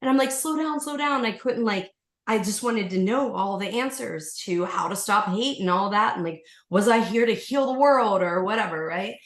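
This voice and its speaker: A woman who teaches yoga, guesting on a podcast and telling a personal story in a lively, casual way, acting out the voices of the people in it and using lots of fillers. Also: medium pitch, normal speed. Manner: animated, acts out voices, many fillers. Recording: roomy room echo.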